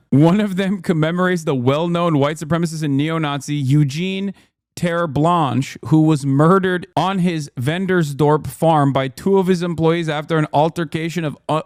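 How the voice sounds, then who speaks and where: A man on a stream, ranting with biting sarcasm and reading out notes between jabs. His voice sits a bit high, smooth and clear, close to the mic in a dry room. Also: darkish tone, no echo. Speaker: streamer host. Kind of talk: sarcastic political commentary.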